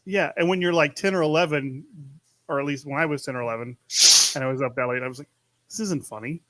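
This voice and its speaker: A man chats casually as a podcast co-host and offers wry, reflective comments. His voice sits a bit high, and the sound is dry, with no room echo. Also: fast talker, fairly bright tone. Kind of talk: casual chat.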